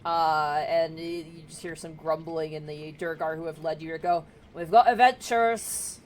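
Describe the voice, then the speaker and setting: Game master woman with a lowish voice. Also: completely flat delivery, moderate pace, slight background noise, poor audio. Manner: casual, descriptive, with fillers. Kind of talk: narrating a tabletop game.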